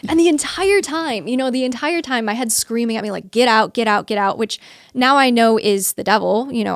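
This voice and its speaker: A woman's voice: a little high, vocal fry, no room sound, clean studio sound. Earnest young woman telling her story. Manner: earnest, chatty, quotes herself, laughs often. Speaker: guest. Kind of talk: candid interview storytelling.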